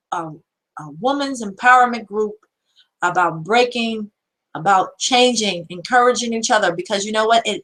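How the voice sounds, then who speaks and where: A woman's voice: fairly high pitch, fairly bright tone, poor audio. A woman hosting an empowerment show, giving earnest, repetitive, preacher-like encouragement in casual motivational talk.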